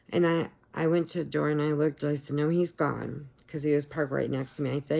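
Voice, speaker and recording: A middle-aged woman telling a story casually in her vlog, chatty and animated, acting out the quotes. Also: low voice, fairly quick, vocal fry, hardly any pauses. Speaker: vlogger.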